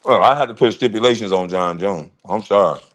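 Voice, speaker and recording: A man in his forties hosting a casual livestream, telling stories in an animated, slangy way with frequent laughs. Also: lowish voice, fairly quick. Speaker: livestream host.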